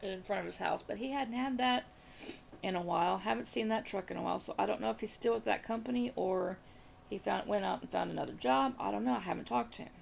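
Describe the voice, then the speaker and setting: A woman's voice: medium pitch, fast talker, creaky, slight background noise. A Southern American woman chatting casually as a crafting vlogger, rambling through a story and repeating phrases.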